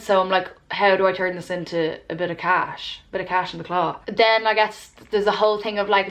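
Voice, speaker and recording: A woman's voice: medium pitch, a bit bright. A woman in her twenties, vlogging at home in casual, rambling chat with a candid manner and free swearing.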